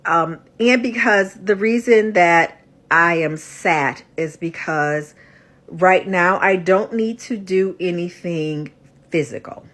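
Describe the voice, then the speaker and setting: A woman spiritual coach talking casually to her phone from bed, tired and a little stuffy from a runny nose, rambling softly with halting restarts. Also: on the low side. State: tired and exhausted. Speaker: spiritual coach and psychic reader. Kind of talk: casual confessional vlog. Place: in bed at home.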